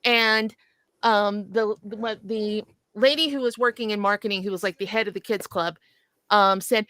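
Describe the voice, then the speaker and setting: A woman co-hosting a casual talk show, telling stories in an animated way and laughing often. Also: mid-range voice, moderate pace, no room sound. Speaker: co-host. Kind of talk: casual chat, storytelling.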